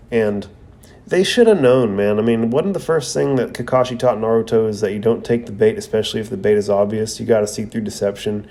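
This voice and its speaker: A man's voice: fairly low pitch, fairly quick, dark tone. A man hosting a podcast, recapping an anime episode in a casual, slangy way with asides.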